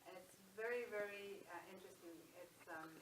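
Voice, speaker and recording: A woman's voice: mid-range voice, brisk. A woman in the audience speaking hesitantly with many fillers during question time. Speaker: audience member. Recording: echoey room, far from mic, loud noise.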